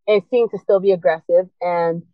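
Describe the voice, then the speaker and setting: Speaking at a moderate pace in a lowish, steady voice, a woman tells her own story with earnest emotion, voicing the conversations she recalls. The audio is dry, with a thin, phone-like quality.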